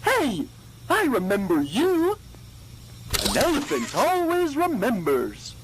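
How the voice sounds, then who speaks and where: A fan performer voicing a cartoon elephant creature who speaks slowly and teases about what he remembers. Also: high-pitched, huge pitch swings, heavily acted. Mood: sly. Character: cheerful elephant creature with a long memory. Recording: loud background noise.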